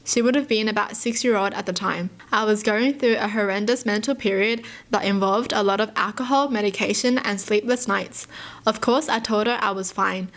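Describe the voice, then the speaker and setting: A woman's voice: medium pitch, moderate pace. A woman who is a YouTuber reads stories aloud and reacts to them in an emotive, sympathetic, chatty way, with gasps, sighs and lots of "you know". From Australia.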